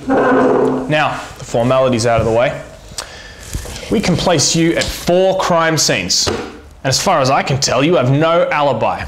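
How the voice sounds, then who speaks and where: An actor in a comedy web series plays a stern, blustering police officer who interrogates a suspect who says nothing, hamming up the tough-guy act. He speaks at a measured pace in an animated, fairly high voice. The room echoes and has a faint noise underneath.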